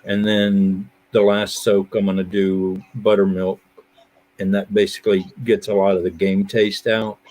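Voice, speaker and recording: A man in his fifties hosting a live stream. He chats casually and easygoing, and he laughs his way through animated stories. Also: lowish voice, a little slow. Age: 50s. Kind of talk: casual chat.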